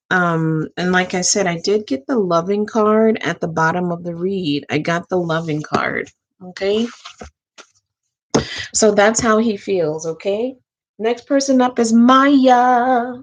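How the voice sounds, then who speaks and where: A woman giving a casual tarot reading, talking slowly to her cards and thanking the angels. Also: fairly low pitch. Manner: slow, drawn-out, talks to the cards and angels. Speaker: tarot reader.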